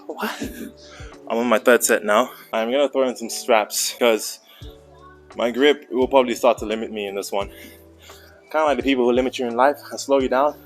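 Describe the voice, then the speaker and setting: A young man, a little out of breath between lifts, cracks jokes and drops casual coaching tips. His voice sits in an ordinary middle pitch. Faint music plays in the background. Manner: joking, chatty coaching asides. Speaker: fitness vlogger. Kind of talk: casual vlog commentary. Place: indoor private gym.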